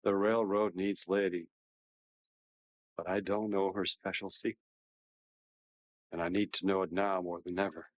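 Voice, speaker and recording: A man playing a calm deep-voiced older craftsman. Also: normal speed, pauses often, no echo, natural voice. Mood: worried.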